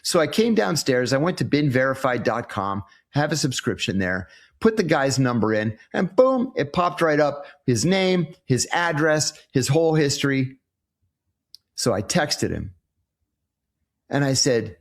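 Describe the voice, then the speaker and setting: A former intelligence officer in his sixties answers interview questions casually, like he's telling stories. His voice is mid-range and unhurried, and he animatedly acts out quoted exchanges.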